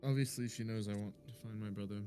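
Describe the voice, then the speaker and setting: A man at a tabletop game with a lowish voice. He speaks in a calm, matter-of-fact way while music plays clearly behind him. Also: quick pace. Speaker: player.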